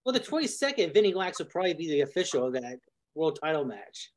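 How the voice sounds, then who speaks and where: A man's voice: on the high side, very animated, quick pace. A man hosting a podcast in easygoing, chatty conversation. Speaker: podcast host. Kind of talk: casual podcast chat.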